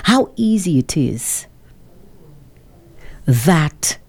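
A woman's voice: low-pitched, big pitch swings, very slow, a little mellow, breathy edge. A woman from Saint Lucia with a Saint Lucian accent, delivering an opinionated monologue full of sarcastic rhetorical questions to her listeners. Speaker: social commentator.

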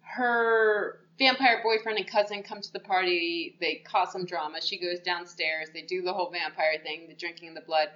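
Woman, podcast co-host, casual movie recap, lively storytelling, echoey, muffled lo-fi sound. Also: lowish voice, moderate pace, few pauses. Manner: animated, laughs often, acts out characters' lines. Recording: dull echoey room recording.

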